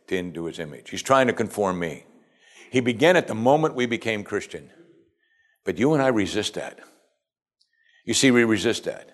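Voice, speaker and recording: Low-voiced man preaching a sermon. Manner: preaching with rising emphatic call-and-response. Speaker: pastor.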